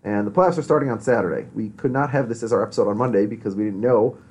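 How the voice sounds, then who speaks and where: A man hosting a podcast in casual chat, quick and animated, laughing often. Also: fairly low pitch, breathy edge. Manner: fast, animated, laughs a lot. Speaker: podcast host.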